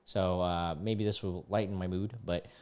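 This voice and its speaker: A man's voice: low voice, fairly even intonation, normal speed, a little mellow, clean tone. A man in his twenties reading online posts aloud and reacting with exasperated, disgusted outbursts. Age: 20s. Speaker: online commentator.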